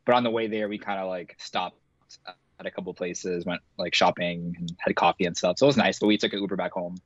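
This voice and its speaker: A man's voice: sits low, steady tone, brisk, no echo. A man, a guest on a podcast, chatting casually over a video call and rambling with lots of fillers and small laughs. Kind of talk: casual chat. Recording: muffled video call audio.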